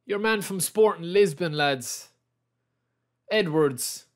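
A man's voice: sits high, slow pace. A man with an Irish accent commenting live on a stream while opening player packs, repeating his exclamations and calling his viewers lads. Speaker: game streamer.

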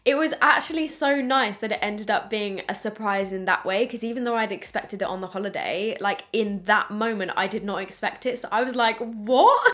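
A woman in her twenties, a beauty vlogger, telling a story in a chatty, animated way while doing her makeup. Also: medium pitch.

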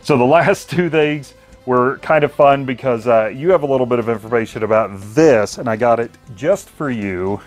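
A man's voice: mid-range voice, normal speed, faint music behind. A man in his thirties co-hosting a casual chat, easygoing and matter-of-fact about his flea market finds. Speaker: co-host.

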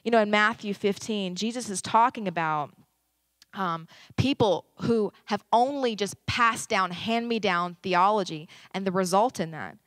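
A woman in her thirties, a pastor, preaching a sermon in a conversational, animated way from a church stage. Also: mid-range voice, measured pace, no room sound.

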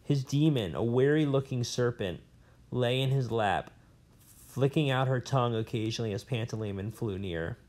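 A man reads a novel aloud at an ordinary pitch. His delivery is plain and unpolished, with small stumbles and restarts. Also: moderate pace, a little mellow. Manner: plain reading with slips and an aside. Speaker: reader.

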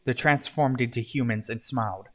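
A man reading his own fan story aloud in a plain, brisk storyteller's delivery. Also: medium pitch.

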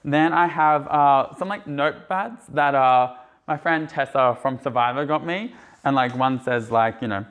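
A man's voice: a little high, normal speed, fairly bright tone. A young man giving a bubbly, gushing tour of his small apartment in casual vlog chat, full of "like" fillers, recorded indoors on a handheld camera.

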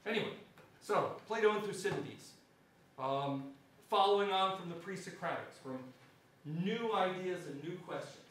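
High-pitched lecturer in an echoey hall. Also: male voice, normal speed, far from the mic, slight background noise. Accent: New Zealand. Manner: animated, frequent "right?" tag questions. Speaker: history lecturer. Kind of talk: public lecture.

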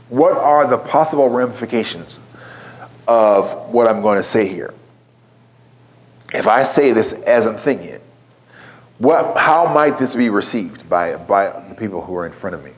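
A man giving a keynote talk, telling a story in a conversational way and putting questions to a live audience. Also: mid-range voice. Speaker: keynote speaker.

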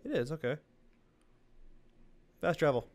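A man's voice: on the high side, big pitch swings, measured pace. Rambling young man playing a game. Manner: rambling, self-mocking. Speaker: gaming video host. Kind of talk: casual let's-play commentary.

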